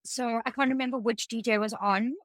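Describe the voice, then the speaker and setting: A young woman from South Africa co-hosting a podcast, telling a lively story in casual chat. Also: on the high side, fairly quick, no echo. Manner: animated, rising voice when telling a story. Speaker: podcast co-host.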